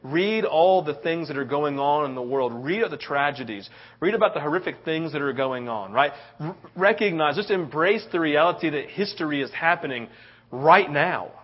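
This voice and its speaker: A middle-aged male pastor delivers a sermon in a voice a little higher than most men. He tells stories with animation and keeps checking in with "right?". The recording is dull and lo-fi. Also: normal speed, slightly rough. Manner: animated storytelling, frequent "right?" tag questions. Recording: dull lo-fi sound.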